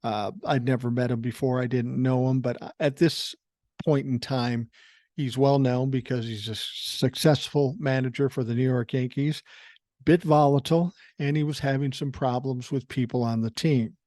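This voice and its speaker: Sixties male podcast host from Minnesota, middle pitch, swears freely through casual anecdotes, dry close recording. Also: fairly even intonation, normal speed, darkish tone, no room sound. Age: 60s. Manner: profane, rambling anecdotal delivery. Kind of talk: casual storytelling.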